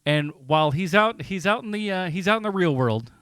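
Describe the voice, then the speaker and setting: A man hosting a casual podcast chat, slightly high in pitch and swinging all over the place. He rambles through fillers and restarts and laughs often. The sound is dry and close to the mic. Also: animated, brisk, fairly bright tone, clean tone, no echo. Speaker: podcast host.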